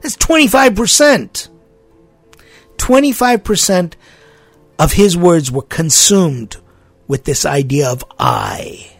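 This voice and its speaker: A man preaching a sermon, emphatic and deliberate, repeating his key phrases for weight. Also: medium pitch, gravelly, slightly rough.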